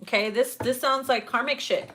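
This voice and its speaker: A woman's voice: high voice, fairly even intonation, normal speed, fairly bright tone, slight background noise. A young adult woman giving a casual tarot reading, sassy and profane, often breaking into laughter at her own jokes. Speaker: tarot reader.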